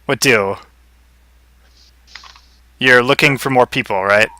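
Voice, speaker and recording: Man game master, slow unhurried delivery, bright tone, dry close mic. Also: medium pitch, dry recording. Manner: relaxed, chuckling, loose narration with fillers. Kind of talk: narrating a tabletop game.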